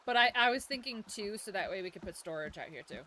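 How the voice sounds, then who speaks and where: A woman's voice: mid-range voice, animated, fast talker, sharp tone, slight background noise. A woman streaming a game, chatting casually, laughing often and fighting off the hiccups. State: has the hiccups. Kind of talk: casual gameplay chat.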